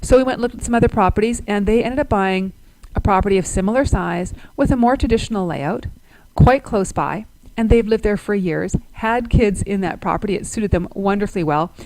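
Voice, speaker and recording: A woman's voice: medium pitch, fairly quick, a little mellow, a little hiss or hum, poor audio. A woman presenting a webinar as a real estate agent. She is upbeat, explains through examples and asks her listeners questions.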